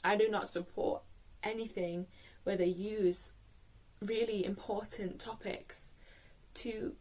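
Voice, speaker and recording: A young woman from the UK vents on her book vlog, exasperated and swearing. Her talk stumbles into restarts as she searches for words, and her voice sits at an ordinary middle pitch. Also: fairly even intonation, normal speed. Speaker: book vlogger. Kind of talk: ranting vlog.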